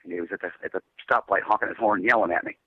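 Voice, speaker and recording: A man's voice: deep voice, rapid-fire, breathy edge, no room sound, narrow, tinny audio. A man, a metal band's singer, chatting casually in an interview and telling rambling laid-back stories full of "dude". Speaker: metal band singer guest.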